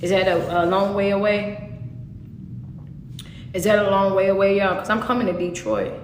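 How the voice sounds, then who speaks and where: A woman, a motivational speaker chatting live with her audience in an animated, direct way. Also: medium pitch, normal speed, slight background noise. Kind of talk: live stream chat with viewers. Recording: echoey room with long reverb.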